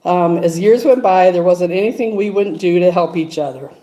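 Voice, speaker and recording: A woman's voice: fairly low pitch, moderate pace, warm tone, low-quality recording. A woman reminiscing about a friend in a eulogy, chuckling through her stories. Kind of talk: storytelling eulogy at a funeral. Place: funeral service room.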